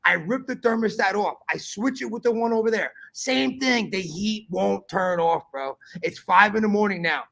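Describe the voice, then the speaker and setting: A man hosting a podcast, telling a story in animated casual chat, swearing often and calling his listener bro. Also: high-pitched, moderate pace, gravelly, hardly any pauses. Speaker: podcast host.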